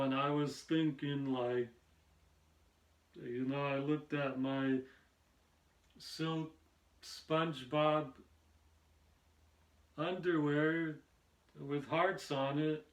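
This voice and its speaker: A man doing amateur stand-up, telling meandering personal stories in a halting way, with many pauses and fillers. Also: on the high side, reverberant. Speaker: amateur stand-up comedian and podcast host. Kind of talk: rambling stand-up storytelling.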